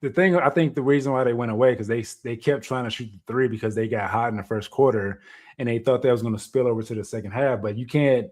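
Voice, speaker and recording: A man of middle pitch co-hosts a casual sports podcast. He talks through game strategy in long, analytical stretches and presses his point. His voice stays ordinary and plain. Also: quick pace. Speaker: podcast co-host.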